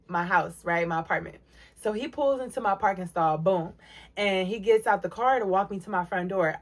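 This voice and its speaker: A young woman, telling a storytime vlog story in an animated way, acting out what people said with big jumps in pitch. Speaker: vlogger.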